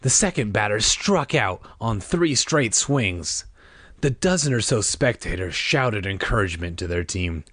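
A man's voice: fairly low pitch, expressive, measured pace, a bit bright, no echo. A man reading a children's book aloud, tossing in wry asides. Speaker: reader.

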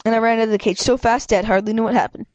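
A woman's voice: steady tone, very fast, a little mellow, no room sound, highs cut off. Woman reading a storybook aloud. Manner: reads with frequent stumbles and restarts, voicing characters with raised pitch; apologizes and comments between passages. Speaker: amateur reader. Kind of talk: reading a children's book aloud.

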